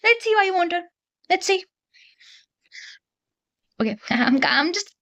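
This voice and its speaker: A woman's voice: very high voice, lively intonation, a little slow, pauses often, fairly bright tone. A young woman, reviewing a book to camera in an exasperated, ranting way. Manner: exasperated, ranting, talks straight to viewers.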